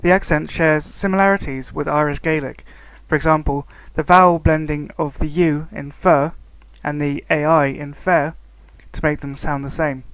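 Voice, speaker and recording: A man narrating a scripted lesson on language variation, reading steadily and slowing down to spell out example words. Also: on the high side, fairly even intonation, fairly bright tone, smooth, no echo, low-quality recording. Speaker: student narrator.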